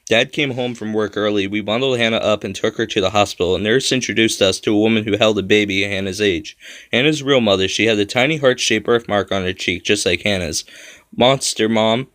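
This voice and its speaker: A man's voice: lowish voice, brisk, fairly bright tone, dry recording, studio quality. A man narrating a first-person spooky children's story with a dramatic delivery.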